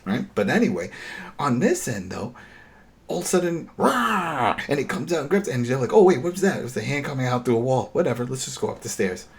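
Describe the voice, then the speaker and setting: A man co-hosting a podcast, retelling a TV episode in a casual, animated and exasperated way, often restarting his sentences. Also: mid-range voice, quick pace, creaky. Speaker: podcast co-host.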